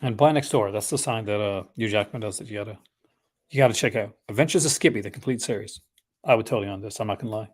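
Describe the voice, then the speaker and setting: Speaking fast in a voice on the low side, a man hosts a casual live unboxing stream. He chats in a rambling, conversational way and gets enthusiastic in asides about films he collects.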